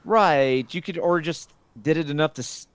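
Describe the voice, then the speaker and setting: Quizzical male co-host, slightly high voice, very dry sound. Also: moderate pace, clean tone, dry recording. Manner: quizzical, pokes holes in the plot. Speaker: podcast co-host. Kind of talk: casual podcast chat.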